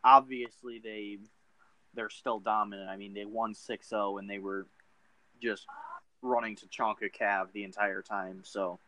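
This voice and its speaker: A man in casual gaming chat, measured and hesitant with frequent ums. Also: on the low side, fairly even intonation, bright, forceful tone, no room sound, poor audio.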